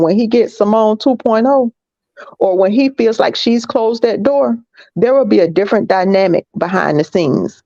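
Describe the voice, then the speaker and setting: Gravelly blunt woman, lo-fi. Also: medium pitch, mellow, no echo. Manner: blunt, laughs between points. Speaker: panelist. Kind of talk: opinionated casual debate. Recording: dull lo-fi online audio.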